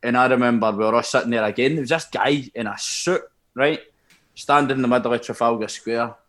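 A young man with a Scottish accent, co-hosting a casual podcast and telling animated football anecdotes, laughing as he goes. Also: mid-range voice, brisk. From Scotland. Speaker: podcast co-host. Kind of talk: casual storytelling chat.

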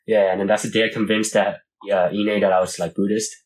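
A man's voice: lowish voice, flat delivery, fast talker, poor audio. A young man in casual chat, rambling through a story with lots of fillers and restarts.

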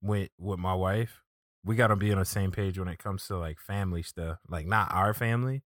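Laid-back man telling stories, low voice. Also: fairly quick, dry recording, studio quality. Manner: laid-back storytelling with many "like" fillers. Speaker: podcast co-host. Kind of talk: casual chat.

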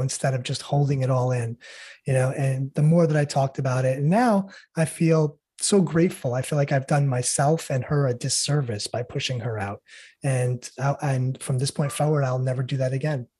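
A middle-aged man speaking earnestly and haltingly as a guest in an interview. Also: medium pitch, mellow, slightly rough. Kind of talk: emotional interview talk.

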